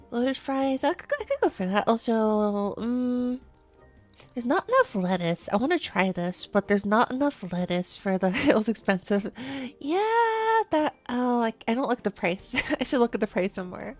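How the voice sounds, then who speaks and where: A woman's voice: fairly high pitch, lively intonation, moderate pace, soft background music. A woman streamer chatting casually on a live stream, rambling, giggling often and restarting her sentences.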